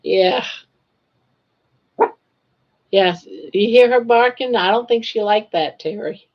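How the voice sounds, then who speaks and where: A woman's voice: medium pitch, takes it slowly, dull audio. An older woman hosting a casual crochet live stream, chatting, teasing viewers and counting stitches aloud.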